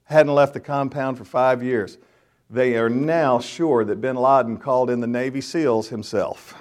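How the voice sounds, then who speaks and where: A man's voice: medium pitch, fairly even intonation, a little slow. A middle-aged man, a minister telling funny stories to a group of men in a folksy, joking way and acting out the scenes. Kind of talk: storytelling sermon.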